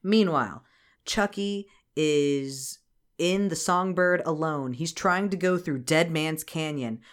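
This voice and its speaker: Woman, podcast co-host, casual recap, lower pitch, laughing, swearing, silly voices. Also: slow pace. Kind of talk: casual chat recapping a cartoon film.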